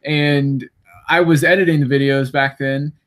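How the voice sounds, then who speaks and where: Chatty man, fairly high voice. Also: fairly even intonation, fairly bright tone. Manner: chatty, quick to laugh. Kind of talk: casual chat.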